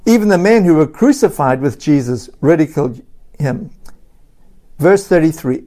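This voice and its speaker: A Bible teacher reading scripture slowly and deliberately, stopping for emphatic asides and sometimes repeating words. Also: medium pitch, animated, darkish tone. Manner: repeats words and restarts phrases.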